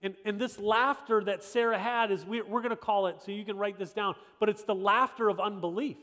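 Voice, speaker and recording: A man's voice: high-pitched, steady tone, brisk, sharp tone. A man preaching a sermon as pastor, talking in a conversational, emphatic way and repeating his rhetorical questions. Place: church sanctuary. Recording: long church hall reverb.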